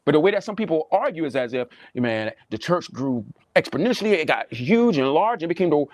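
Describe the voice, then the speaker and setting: A Southern US preacher speaks to camera in a lively voice that leaps up and down in pitch. His pitch sits a little high for a man. He sounds dry and close, as if talking into a webcam on his desk. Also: a little fast, no room sound. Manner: animated, preachy, mocking impressions, repeats himself. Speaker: pastor. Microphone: webcam or phone on a desk, livestream.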